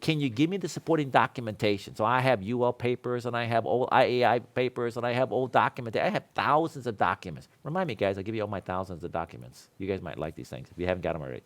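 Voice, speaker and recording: A middle-aged man teaching a seminar class, telling stories in a casual, animated way and laughing often. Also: fairly low pitch, fast, hardly any pauses. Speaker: seminar instructor.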